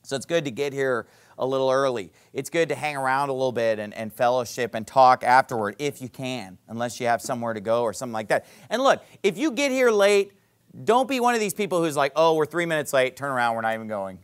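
Man, pastor preaching, high voice, emphatic, rhetorical questions, middle-aged. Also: fairly bright tone. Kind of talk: sermon. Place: church auditorium.

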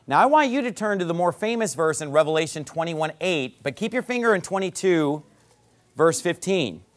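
A man with a high-pitched voice preaches a sermon in a church service. He drives his points home with loud, emphatic stresses on key words and drops into quick asides to the congregation. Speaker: pastor.

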